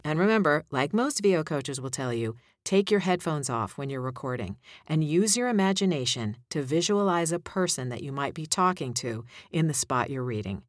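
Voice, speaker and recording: A woman's voice: deep voice, animated, moderate pace, few pauses, no room sound, clean studio sound. A woman giving voiceover coaching tips in a conversational way, demonstrating line reads as she goes.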